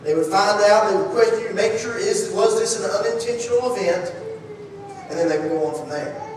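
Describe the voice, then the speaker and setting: A man's voice: high voice, brisk, a little mellow, a little hiss or hum. A man preaching a sermon in church, talking conversationally, restarting phrases and asking the congregation questions. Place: church sanctuary. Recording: echoey hall, distant mic.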